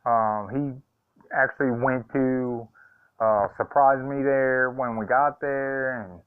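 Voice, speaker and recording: A man speaks to his viewers in a halting, sincere way, often pausing on ums and uhs. His voice is smooth and clean. The sound is dry and narrow, like a phone line. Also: medium pitch, steady tone, dry recording. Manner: hesitant, full of ums and uhs, heartfelt. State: choked up. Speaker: vlogger. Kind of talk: casual vlog talk.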